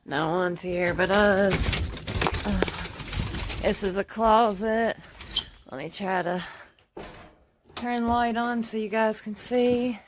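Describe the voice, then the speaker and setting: A woman's voice: mid-range voice, slow pace, pauses often, background noise. A young woman films her own house on a handheld phone, talking in a frantic, rambling way and swearing a lot. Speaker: home video filmer. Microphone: phone held in hand.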